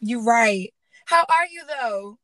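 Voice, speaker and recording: A woman hosting a casual podcast interview, lively and slangy, laughing often. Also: a little high, takes it slowly, no echo, low-quality recording. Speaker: podcast host and baker.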